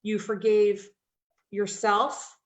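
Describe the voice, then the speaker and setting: A woman's voice: medium pitch, flat delivery, extremely slow, roomy sound. A woman hosting a talk show, speaking in long winding sentences that often end with "right?". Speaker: host. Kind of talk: casual conversation on a talk show.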